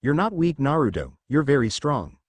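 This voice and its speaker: A man voicing a calm, caring adult ninja teacher in a fan fiction reading, gently teasing his student. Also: medium pitch, moderate pace, breathy edge, dry recording. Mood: tender.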